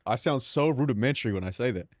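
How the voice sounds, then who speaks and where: A man's voice: medium pitch, dry recording, studio quality. Rambling, profane young man streaming. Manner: rambling, profane, talks to himself and chat. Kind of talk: casual live-stream chat.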